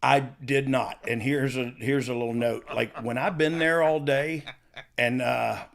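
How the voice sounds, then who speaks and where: Gravelly man in his fifties telling stories. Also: mid-range voice, steady tone, a little slow. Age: 50s. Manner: rambling, laughs often, restarts. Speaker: podcast host and former wrestler. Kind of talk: casual storytelling chat.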